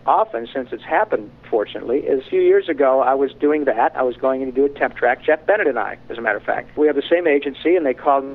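A man's voice: mid-range voice, fast, hardly any pauses. Candid man telling stories over a tinny phone line. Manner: candid, animated anecdotes with frank asides. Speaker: voice actor guest. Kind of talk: casual interview storytelling.

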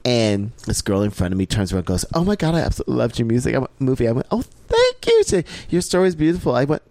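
A flamboyant man tells his stories with big swings in pitch, leaping up into falsetto whenever he quotes himself. He calls people "child" and "baby," and his voice sounds close and dry. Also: darkish tone, no echo. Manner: flamboyant, dramatic, jumps into high falsetto when quoting himself. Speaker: interview guest. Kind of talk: animated storytelling in a casual interview.

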